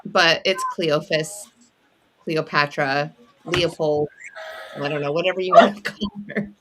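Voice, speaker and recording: A woman's voice: low voice, steady tone, a little slow, very noisy. A woman chatting on a video call, playful and teasing, cooing over her pet. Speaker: regular guest in the chat. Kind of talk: casual chat.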